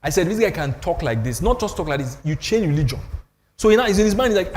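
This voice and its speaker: A man's voice: sits high, very animated, fast talker, darkish tone. Emphatic Nigerian man with hall reverb. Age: older. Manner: storytelling, emphatic, self-deprecating. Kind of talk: animated panel talk on church.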